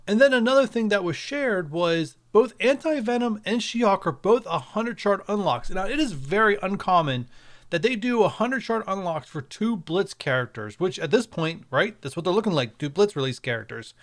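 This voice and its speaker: A man's voice: sits high, lively intonation, moderate pace. A man talking casually to his viewers as a mobile game video creator, chatty and speculative, walking through game updates over screen capture.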